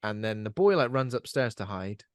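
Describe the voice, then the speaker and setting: A man's voice: on the low side, expressive, normal speed, no echo. A man co-hosting a casual film podcast, chatty and rambling with frequent fillers. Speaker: podcast co-host.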